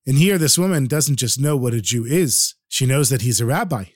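A man telling a story in a lively, dramatic way. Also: mid-range voice, fairly quick, no room sound, studio quality. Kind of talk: spoken story narration.

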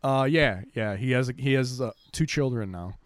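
A man's voice: medium pitch, normal speed, no echo, studio quality. A young man telling rambling, profane stories on a casual podcast, full of fillers. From Detroit area, Michigan. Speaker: podcast co-host.

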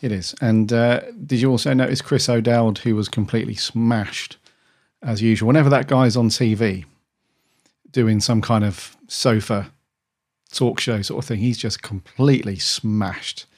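A man's voice: mid-range voice, steady tone, measured pace, a little mellow. A man co-hosting a podcast, chatting casually and rambling with restarts. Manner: rambling, with many restarts and "dude". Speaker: podcast co-host. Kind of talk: casual chat.

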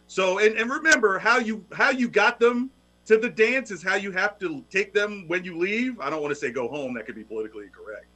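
Male co-host who cracks jokes, with a bright, fairly high voice. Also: expressive, fairly quick. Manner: joking, wisecracking banter. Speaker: sports show co-host. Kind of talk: casual sports talk.

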